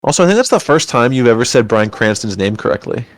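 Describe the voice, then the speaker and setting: A man with a mid-range voice co-hosts a podcast in a relaxed chat. He teases his co-host and jokes often. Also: medium pitch, no room sound. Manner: teasing, quick to joke. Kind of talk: casual chat.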